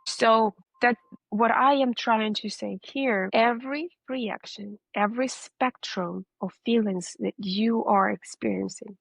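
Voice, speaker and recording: A woman's voice: mid-range voice, fairly even intonation, a little slow, vocal fry, no room sound, poor audio. A woman guest in a conversational interview, talking in an earnest, encouraging way. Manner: earnest, encouraging, acts out reactions.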